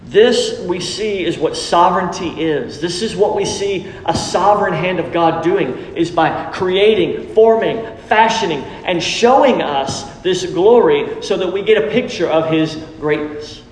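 Emphatic preacher in an echoey hall. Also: male voice, high-pitched, measured pace, few pauses. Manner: emphatic preaching, repeats phrases for stress. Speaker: pastor. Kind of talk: sermon. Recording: echoey hall, faint background noise.

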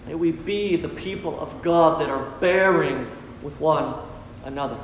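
In a church sanctuary full of hall reverb, a man preaches earnestly and repetitively as pastor, urging the congregation to respond. He speaks a little high and a little slow, with a little hiss or hum.

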